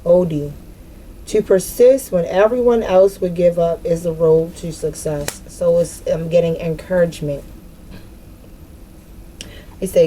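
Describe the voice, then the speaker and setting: A woman's voice: medium pitch, unhurried, pauses often, dark tone, slight background noise, rough recording. A woman giving a casual spiritual card reading, talking frankly and cursing freely.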